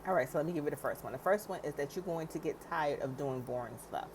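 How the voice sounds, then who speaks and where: A woman's voice: low-pitched, quick pace, noisy background. A woman coaching new business owners in a direct, encouraging vlog style, acting out inner doubts and laughing often. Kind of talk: motivational vlog talk.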